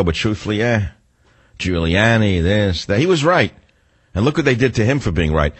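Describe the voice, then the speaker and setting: Talk radio host, older man, low husky voice that swings wide, dry booth sound, sarcastic and rambling. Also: no echo. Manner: combative, sarcastic, rambling asides. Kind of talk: opinionated talk radio monologue.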